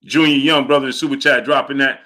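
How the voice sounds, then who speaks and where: A man's voice: medium pitch, fast talker. A young man hosts a live boxing stream. He reads viewer messages aloud and repeats his points with emphasis. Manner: animated, emphatic, repeats lines for effect. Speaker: boxing livestream host. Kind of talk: live stream chat, reading Super Chats.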